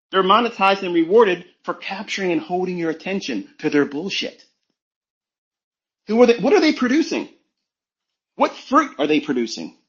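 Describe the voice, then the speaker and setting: A man's voice: sits high, lo-fi sound. A man giving a blunt, profane motivational talk as a trading mentor on a live audio stream.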